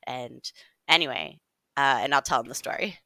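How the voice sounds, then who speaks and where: A man's voice: medium pitch, moderate pace, vocal fry, sharp tone, slight background noise. A man playing a tabletop game, telling a rambling, laid-back joking story to the group. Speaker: player. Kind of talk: casual game chat.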